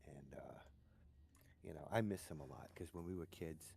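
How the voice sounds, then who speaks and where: A middle-aged man with a very deep voice chats casually between games. He rambles through stories, dropping "you know" every few words. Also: normal speed, gravelly, mellow. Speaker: gamer chatting on a stream. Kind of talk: casual chat.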